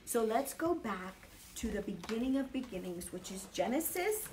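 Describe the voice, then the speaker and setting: A fairly high-voiced woman leads a Bible study with lively emphasis and frequent "okay?" check-ins. Her voice sits a little back from the mic, with a faint hiss underneath. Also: normal speed, recorded from a distance. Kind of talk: Bible teaching with a personal story.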